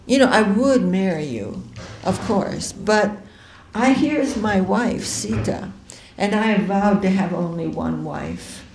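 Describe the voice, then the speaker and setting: A woman voicing a noble young prince who politely and gently teases a suitor. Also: medium pitch, lively intonation, slow pace, reverberant, a little hiss or hum, low-quality recording. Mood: teasing.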